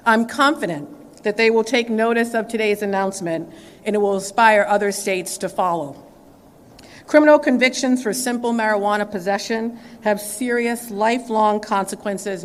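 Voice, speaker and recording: Woman attorney general giving a formal speech, faint room noise, long hall echo. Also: medium pitch. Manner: earnest, emphatic, with some repeats. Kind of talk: formal press conference speech.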